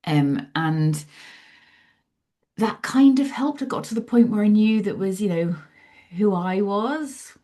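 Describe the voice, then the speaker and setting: Lively storytelling woman in her forties. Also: medium pitch, slow, pauses often. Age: 40s. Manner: animated, acts out her own past thoughts in lively asides. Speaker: guest, psychologist and author. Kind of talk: conversational storytelling interview.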